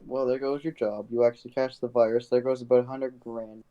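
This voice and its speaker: A man's voice: mid-range voice, little pitch movement, brisk, mellow, smooth, muffled recording. A young man from Canada, co-hosting a podcast in casual, blunt, opinionated chat.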